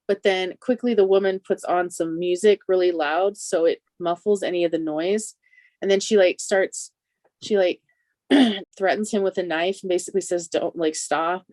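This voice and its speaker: A woman co-hosting a podcast, chatting casually as she recaps a TV episode, with an animated, laughing way of retelling it. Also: medium pitch, dry recording. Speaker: podcast co-host.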